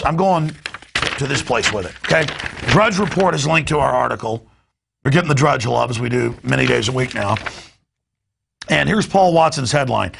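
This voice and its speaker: A man's voice: mid-range voice, normal speed, creaky, fairly bright tone, husky. A man hosting a talk show, delivering an emphatic and indignant political rant. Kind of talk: ranting political commentary.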